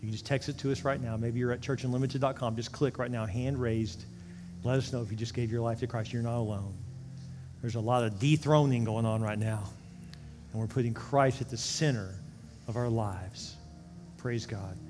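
A man preaching as a pastor, leading an altar call and prayer, swinging from emphatic peaks down to hushed, quiet pleading. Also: medium pitch, fairly even intonation, moderate pace, over music. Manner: impassioned, rises to emphatic peaks then drops to hushed prayer. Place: large church sanctuary. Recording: long reverb of a big hall, faint ambience.

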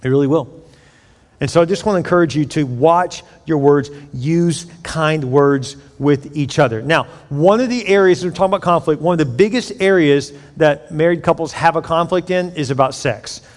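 A man's voice: on the high side, moderate pace. A man preaching a sermon as pastor, conversational and joking, with sudden emphatic bursts. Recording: echoey hall.

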